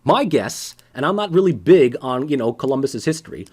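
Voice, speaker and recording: Animated, lively-voiced male lecturer. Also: medium pitch, brisk. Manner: animated, conversational, sarcastic asides. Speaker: political science lecturer. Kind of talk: casual recorded lecture.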